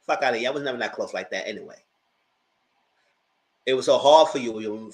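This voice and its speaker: A man hosting a casual TV review, talking in an animated, blunt way and swearing freely. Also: medium pitch, low-quality recording. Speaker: show recap host.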